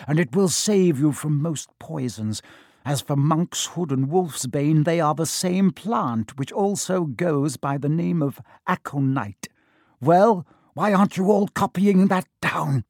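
A man's voice: on the high side, a little slow, darkish tone, no room sound. Male reader voicing a sneering storybook potions master, cold and dry. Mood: lecturing. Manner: cutting and contemptuous.

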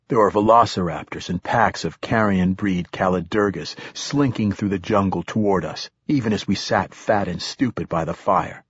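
Low, husky male audiobook narrator. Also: dry recording, studio quality. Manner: measured, reflective storytelling. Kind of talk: scripted first-person narration.

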